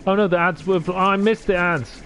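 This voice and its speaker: A man's voice: high voice, steady tone, moderate pace, fairly bright tone, soft background music. A man live-streaming a game, chatting casually, reading dialogue aloud and laughing at himself. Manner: chatty, self-deprecating, reads dialogue aloud.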